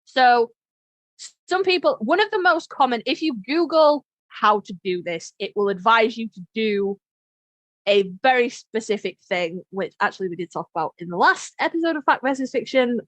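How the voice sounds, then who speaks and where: On her podcast, this host chats casually and candidly as she explains things, cursing and laughing freely. Her slightly high voice is expressive and fairly bright at a normal speed; the recording is muffled and dry.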